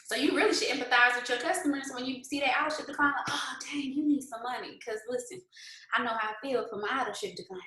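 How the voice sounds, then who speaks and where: A woman leading a motivational livestream for her sales team, animated and talking straight to viewers in the comments. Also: sits high, fast talker, echoey room, poor audio. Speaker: network marketing team leader.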